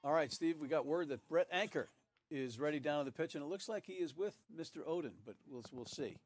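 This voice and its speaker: A man's voice: on the high side, brisk. A man calling a college rugby broadcast as the play-by-play commentator, chatting with his partner and throwing to the sideline reporter. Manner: easygoing, hands off to the sideline.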